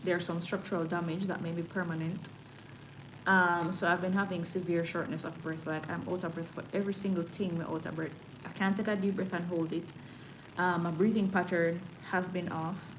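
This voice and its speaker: A woman's voice: lowish voice, steady tone, brisk, a little hiss or hum, poor audio. A woman with a Jamaican accent hosting a casual livestream, chatty and sliding into patois. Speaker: livestream news host.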